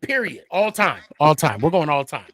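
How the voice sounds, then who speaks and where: Animated high-voiced man hosting a podcast. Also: normal speed, dry recording. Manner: animated, rambling, laughs often. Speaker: podcast host. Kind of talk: casual sports chat.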